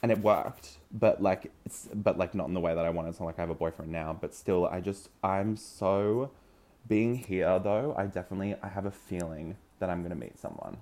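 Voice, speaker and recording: A man's voice: low voice, moderate pace, a little mellow. A man, telling a dating story in a dramatic, gossipy way with lots of swearing. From Australia. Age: early 20s. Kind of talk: casual gossipy chat.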